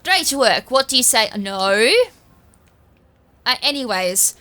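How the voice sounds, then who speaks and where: A woman's voice: a little high, slow, sharp tone. A woman, chatting through a video game playthrough in a rambling, self-correcting way. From Australia. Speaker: gaming streamer. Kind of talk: let's-play commentary.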